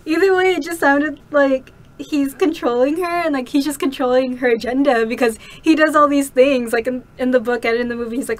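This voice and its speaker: A young woman joining a casual chat, giggly and animated. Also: high-pitched, a little fast. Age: young adult.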